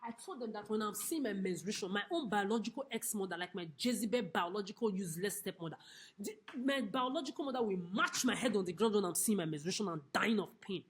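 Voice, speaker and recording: A woman speaks straight to the camera in a furious, accusing rant. She curses often and circles back over the same points. Her voice sits at an ordinary middle pitch for a woman. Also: animated, fast. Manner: accusatory, repetitive, cursing. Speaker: vlogger. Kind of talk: angry direct-to-camera rant. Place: homeless shelter, seated on a chair.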